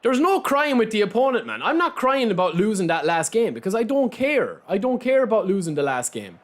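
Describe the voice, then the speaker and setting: Man, Irish accent, gaming streamer, casual chat with viewers, high-pitched, very animated pitch. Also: brisk. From Ireland. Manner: talks straight to chat, reads out and answers viewers' messages. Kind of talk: casual live-stream chat while playing.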